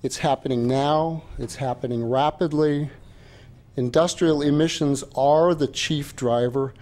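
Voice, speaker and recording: A man's voice: on the high side, steady tone, measured pace, darkish tone. An older man giving an earnest, emphatic public comment at a county board meeting.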